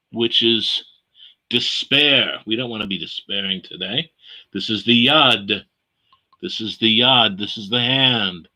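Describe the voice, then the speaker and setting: A man leading an online Bible study, explaining Hebrew letters and words in an unhurried way. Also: mid-range voice, pushed and bright.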